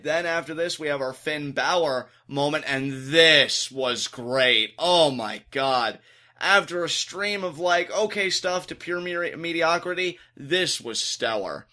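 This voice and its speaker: Guy on a podcast going over wrestling, lively, bright tone, kinda high. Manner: animated, acts out quotes in exaggerated voices. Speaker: podcast co-host. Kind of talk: casual wrestling review chat.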